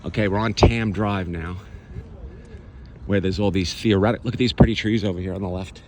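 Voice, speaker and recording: A man's voice: deep voice, fairly even intonation, fairly quick, darkish tone, a little hiss or hum. A man walking through his own neighborhood outdoors, chatting to the camera in a casual, sarcastic way. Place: outdoors on city streets.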